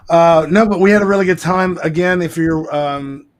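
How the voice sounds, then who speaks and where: A man's voice: fairly high pitch, moderate pace. Rambling male podcast co-host. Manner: rambling, lots of fillers and restarts. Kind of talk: casual chat.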